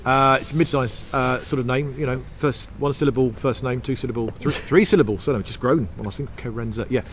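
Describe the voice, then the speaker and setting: A man from England, a comedian and comedy writer, chatting casually in an interview. He rambles on in long stretches, restarting his sentences and poking fun at himself, at an average pitch. A faint hiss of noise sits under his voice. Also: fairly quick. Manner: rambling, self-deprecating, talks in long runs with restarts.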